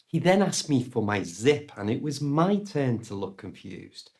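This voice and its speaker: A British man telling a story as an English lesson, slow and deliberate, his voice rising and falling a lot. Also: medium pitch. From United Kingdom. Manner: slow, deliberate delivery with lively ups and downs. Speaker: English teacher.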